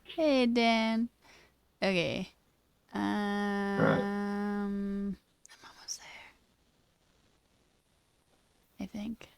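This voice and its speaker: A woman's voice: mid-range voice, flat delivery, extremely slow, vocal fry, long pauses, clear, resonant tone. A young woman streamer chatting casually and thinking aloud while she works on code. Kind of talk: casual coding stream chat.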